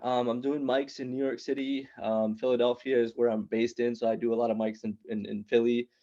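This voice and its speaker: With a level, dark, medium-pitched voice and a fairly quick pace, a man in his thirties rambles through a conversational stand-up set at a small open mic online. He keeps interrupting himself to restart sentences, and the sound is lo-fi.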